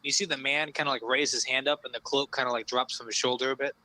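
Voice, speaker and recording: A man leads a tabletop game as game master, with a very bright, forceful voice. He narrates casually, stopping often on fillers as he describes the scene. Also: mid-range voice, steady tone, fast talker, poor audio.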